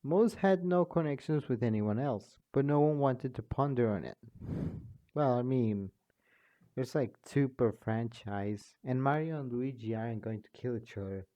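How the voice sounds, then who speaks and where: A man's voice: mid-range voice, dark tone. A young man casually reading a fan story aloud, stumbling and restarting, on a dull lo-fi home mic. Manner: slow, stumbling, restarts often. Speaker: fan fiction reader and narrator.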